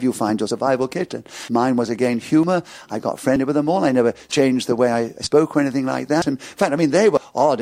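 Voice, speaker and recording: An older man with an English upper-class accent and a slight stutter, telling anecdotes in a lively, amused way. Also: medium pitch. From England. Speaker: interviewee. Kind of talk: anecdotal storytelling.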